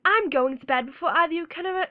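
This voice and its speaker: A woman's voice: extremely high pitch, fast, pushed and bright, voice pushed up. A woman voicing a bossy young schoolgirl in a put-on British accent. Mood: scolding.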